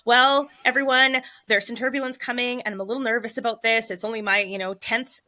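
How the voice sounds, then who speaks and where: A woman's voice: on the high side, steady tone, fairly quick, bright, forceful tone, voice pushed up. A woman voicing a nervous male airline captain who announces turbulence in a shaky, hesitant way.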